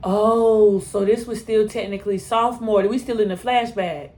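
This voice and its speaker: A woman in casual reaction commentary on a TV episode, animated and exasperated, talking back to the characters, with features. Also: medium pitch, normal speed. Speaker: TV reaction reviewer.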